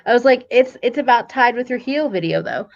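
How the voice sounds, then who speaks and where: A woman co-hosting a casual live chat about makeup videos talks in a relaxed, chatty way. Her audio sounds slightly muffled and lo-fi, like a call. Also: a little high, moderate pace, vocal fry. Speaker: beauty youtuber, co-host.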